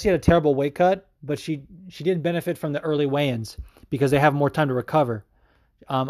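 A man hosting a podcast, talking casually in a rambling, excitable way with plenty of fillers and swearing. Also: a little high, dry recording, clean studio sound. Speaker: podcast host. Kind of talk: casual chat.

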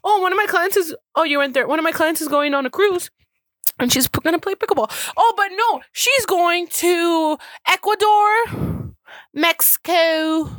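A woman's voice: high-pitched, lively intonation, quick pace, fairly bright tone, no room sound. A young woman in casual podcast chat, rambling and full of "like" fillers.

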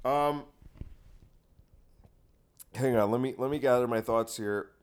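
Slow and smooth, this medium-pitched male podcast host wanders through a casual monologue, often backing up to start over while being crude and sarcastic.

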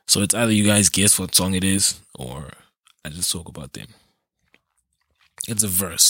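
Low-voiced man rambling casually. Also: animated, normal speed, long pauses, pushed and bright, slightly rough, dry recording, clean studio sound. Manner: rambling, self-interrupting, laughs at himself. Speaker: podcast host. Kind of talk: casual solo chat.

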